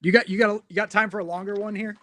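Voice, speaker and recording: A man's voice: sits high, steady tone, quick pace, pushed and bright. A male host in casual chat, telling a rambling story with plenty of fillers.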